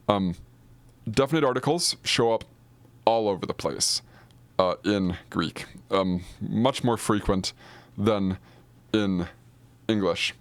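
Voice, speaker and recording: A man's voice: lowish voice, dry recording. A man teaching Greek grammar in a recorded video lecture, explaining casually with many ums and restarts. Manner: casual, filler-heavy explaining with frequent restarts. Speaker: Greek professor.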